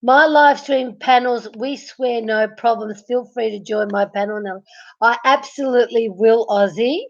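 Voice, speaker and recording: A woman's voice: a little high, a little slow, vocal fry. Giggly woman hosting a live stream. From Melbourne, Australia. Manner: giggly, teasing, talks to chatters by name. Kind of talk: casual live stream chat, reading viewer comments. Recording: dull lo-fi stream audio.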